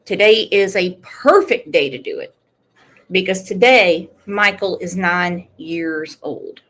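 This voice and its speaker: A woman's voice: on the low side, expressive, fairly bright tone. A woman hosting a true crime channel, talking earnestly and directly to her viewers in casual commentary. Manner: slow, earnest, talks straight to viewers.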